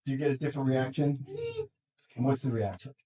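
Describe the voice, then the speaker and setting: Animated man counselor talking to a group. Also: medium pitch, low-quality recording. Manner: animated, acts out parents and kids in quick quoted voices, laughs often. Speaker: school counselor and life coach. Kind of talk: casual talk to a group. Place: room with students and parents.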